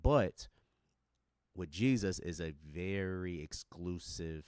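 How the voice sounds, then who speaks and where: A man's voice: low-pitched, animated, slow pace, darkish tone, smooth, no echo, studio quality. A man commenting on video clips in a casual, conversational way, full of slang and filler words.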